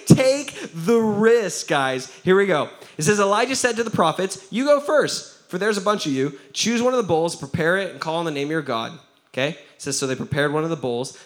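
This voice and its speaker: A man, a pastor giving a lively sermon, acting out the quotes he tells and laughing often. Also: fairly high pitch.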